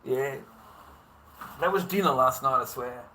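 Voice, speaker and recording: Aussie bloke rambling on his livestream, swears heaps, says mate a lot, bright edgy voice. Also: mid-range voice, a little slow, slight background noise. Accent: Australian. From Australia. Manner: swears a lot, laughs often, calls people mate. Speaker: livestream host. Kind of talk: rambling live-stream chat.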